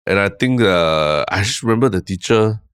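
A man with a deep, low voice and a Singaporean English accent, co-hosting a casual podcast chat. He tells stories in a relaxed, rambling way and drops "lah" often. The sound is close and dry. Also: moderate pace, smooth, no echo. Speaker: podcast co-host.

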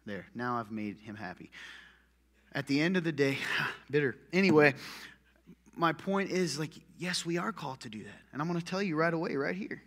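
A man preaching a sermon as pastor, punchy and joking, swinging from loud calls to muttered asides. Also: a little high, lively intonation, moderate pace. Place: church hall with long reverb. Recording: echoey church hall.

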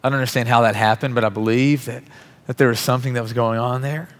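A man's voice: mid-range voice, fairly even intonation, quick pace. A man in his thirties, a pastor giving a sermon in an earnest, conversational storytelling way. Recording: long hall reverb.

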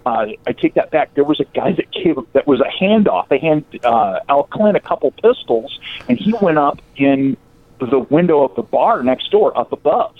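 Male storyteller, lively swooping delivery, slightly high voice, tinny phone-like dry sound. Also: moderate pace. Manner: animated, acts out quoted voices. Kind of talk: casual storytelling of local history.

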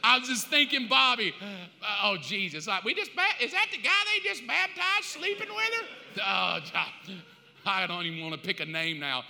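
An older man preaching a sermon as pastor, animated and jokey, and openly confessional. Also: sits high, moderate pace, gravelly. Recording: echoey church hall.

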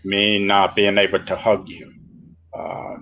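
A middle-aged man, a podcast guest, speaking earnestly and emotionally with halting pauses. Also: lowish voice, monotone, lo-fi sound, a little hiss or hum. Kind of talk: heartfelt interview talk.

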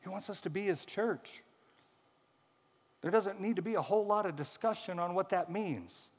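A man's voice: high-pitched, moderate pace, breathy edge, in a large hall. A male pastor giving a casual, humorous sermon and acting out quoted voices. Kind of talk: conversational sermon.

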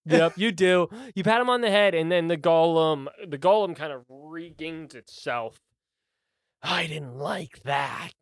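A game master narrating and running a tabletop role-playing game in a relaxed, unhurried way, laughing easily. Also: mid-range voice, clean tone, no room sound, clean studio sound.

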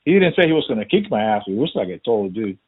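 A man's voice: fairly low pitch, fast, a little hiss or hum. A man telling a story in casual chat, swearing a lot and acting out what people said. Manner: profane, animated, acts out quotes. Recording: tinny phone-like sound.

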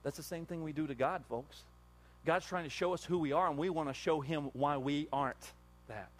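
A pastor preaching a sermon in an animated way, full of rhetorical questions. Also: male voice, fairly high pitch, brisk.

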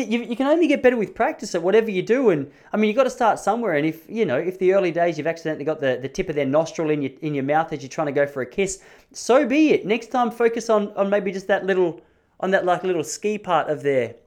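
A man's voice: fairly high pitch, expressive, fast talker. A man in his thirties with an Australian accent, telling rambling, self-mocking comic stories in a casual chat. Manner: rambling, self-mocking, often restarts phrases.

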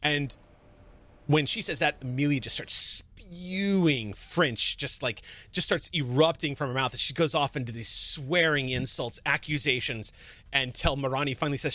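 Guy running a tabletop game, steady narration, dry close sound. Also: on the high side, moderate pace, dry recording. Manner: descriptive, steady storytelling. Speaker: game master.

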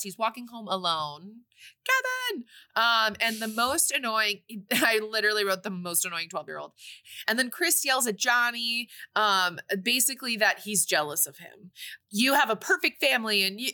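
A woman with a bright, sharp voice recaps a movie plot for a podcast. She talks casually and with lots of energy, and she drops into playful voices for the characters. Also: a little high. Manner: animated storytelling with playful quoted voices. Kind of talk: casual chat.

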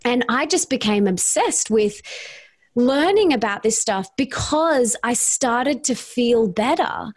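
A woman's voice: on the high side, expressive, slow. A woman, a podcast guest and author, tells a personal story in casual conversation, acting out her own past lines of dialogue.

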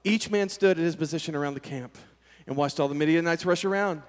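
A man preaching a sermon as a lively story, energetic and full of casual slang. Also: fairly high pitch, quick pace. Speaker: pastor. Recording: long hall reverb.

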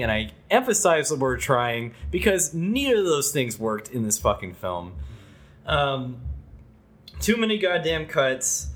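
A man's voice: medium pitch, very animated, measured pace, a bit bright. A man co-hosting a casual podcast, giving a blunt, profane, ranting movie review. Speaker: podcast co-host.

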